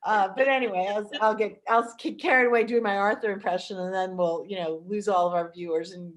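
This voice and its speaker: A woman's voice: medium pitch, steady tone. Chatty woman podcast host. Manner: chatty, enthusiastic, quick asides. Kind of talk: casual film chat.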